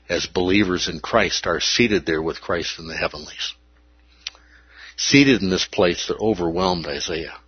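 A man's voice: fairly low pitch, breathy edge, no echo, muffled recording. A man preaching a sermon, emphatic and repeating key words for weight.

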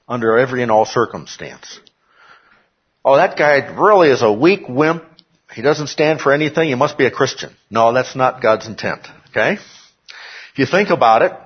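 Husky man preaching with frequent "okay?" checks. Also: medium pitch, highs cut off. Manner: conversational, joking asides, frequent "okay?" checks. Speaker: pastor. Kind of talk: sermon.

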